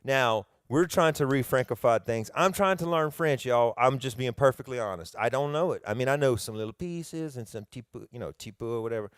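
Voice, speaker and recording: A man's voice: mid-range voice, brisk, hardly any pauses, clear, resonant tone, dry recording, studio quality. A middle-aged man with a Southern US accent, hosting a podcast in a rambling, chatty, self-deprecating monologue. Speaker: podcast host.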